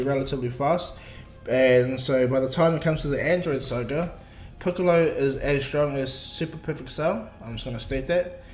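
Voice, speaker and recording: A man's voice: medium pitch, echoey room, slight background noise. Rambling man telling a fan story. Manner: rambling, with fillers and restarts. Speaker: fan fiction narrator. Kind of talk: casual story narration.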